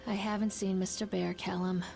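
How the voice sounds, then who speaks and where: Woman playing a gravelly worried mother. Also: mid-range voice, little pitch movement, fairly quick, music in the background, natural voice. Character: worried young mother searching a closed park. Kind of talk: game voice acting.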